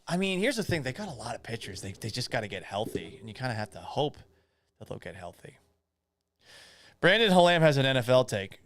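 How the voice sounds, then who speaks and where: A man's voice: mid-range voice, big pitch swings, fairly quick, fairly bright tone, no room sound. A man from Boston hosting a live stream in his home office, reading viewer comments and joking with them in a casual, profane way. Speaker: podcast host.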